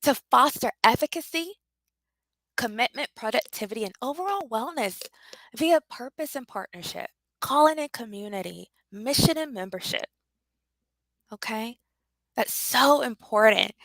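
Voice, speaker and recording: A woman teaches spiritual leadership with heartfelt, preacherly emphasis, repeating key phrases. Her voice is bright and sits a little high. The recording is dry and close. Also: expressive, moderate pace, vocal fry, dry recording, poor audio. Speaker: leadership coach.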